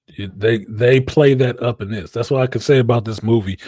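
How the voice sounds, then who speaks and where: A man hosting a casual pop-culture chat, animated and profane, with a husky voice. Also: mid-range voice, fairly quick, no echo. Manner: animated, profane, puts on voices when quoting. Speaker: podcast host.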